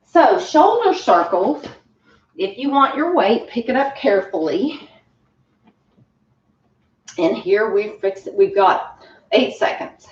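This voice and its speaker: Woman fitness instructor, winded, cheerful coaching, unhurried; roomy far-off home recording. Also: medium pitch, sing-song, dull audio. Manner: encouraging, chatty, laughs often. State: out of breath. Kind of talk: home workout class.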